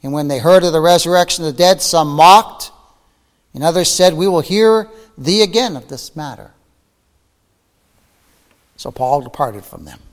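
A man preaching a fervent sermon, reading scripture aloud, his voice climbing high and then falling to near-whispers. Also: in a large hall. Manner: fervent preaching, soaring then dropping to a hush.

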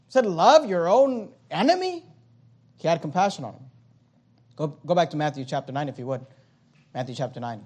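High-voiced preaching man. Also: expressive, brisk, pauses often, slightly rough. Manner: emphatic preaching, loud high swings and quiet low drops. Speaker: pastor. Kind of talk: sermon.

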